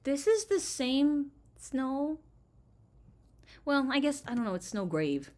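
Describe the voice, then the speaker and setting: A woman running a gaming channel gives rambling, chatty let's play commentary packed with fillers, lurching between loud outbursts and quiet muttering. Her voice sits high with big pitch swings, she speaks slowly, and there's a little hiss or hum.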